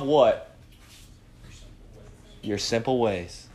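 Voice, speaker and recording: A man's voice: mid-range voice, normal speed. Fervent man leading a Bible study. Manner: animated, fires rhetorical questions at the group; swings from quiet asides to loud exclamations.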